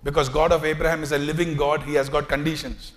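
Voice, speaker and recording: A man preaching a sermon, acting out the lines he quotes, swinging from soft asides to loud calls. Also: a little high, little pitch movement, fast. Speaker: pastor.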